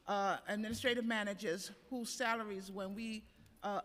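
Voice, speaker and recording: A woman's voice: mid-range voice, a bit bright. A woman union president giving earnest, emphatic testimony at a city council hearing. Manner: earnest, emphatic, reads prepared points. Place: council chambers at city hall. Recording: council chamber, long reverb.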